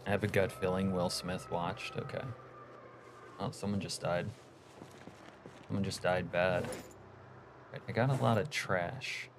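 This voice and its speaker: A man's voice: low-pitched, steady tone, a little slow, pauses often, background noise. A young man streaming a game, chatting casually and rambling through answers to his chat. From United States. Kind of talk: casual livestream chat while gaming.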